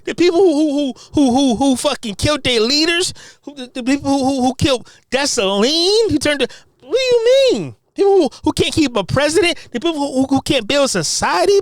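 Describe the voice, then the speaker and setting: This podcast host's voice is high-pitched, expressive, and brisk, with no echo. She launches into a heated, profane rant full of mocking rhetorical questions, tripping over repeated words as her anger climbs.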